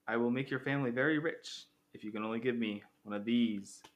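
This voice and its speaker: A man voicing a sinister male candy rival who murmurs a bribe in a low, conspiratorial hush. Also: a little fast, natural voice. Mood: sly hushed.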